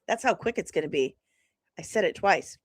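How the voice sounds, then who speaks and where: A woman's voice: on the low side, lively intonation, normal speed, no echo, clean studio sound. A woman hosting a livestream in a rambling, chatty way, tired after a long day of travel and laughing often. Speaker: livestream host. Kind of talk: casual chatty stream talk.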